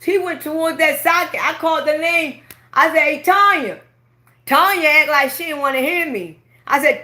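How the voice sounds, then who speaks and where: High, bright-voiced woman ranting profanely. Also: normal speed. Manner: profane, emphatic, animated ranting. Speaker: livestreamer. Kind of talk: casual late-night storytelling on a live stream.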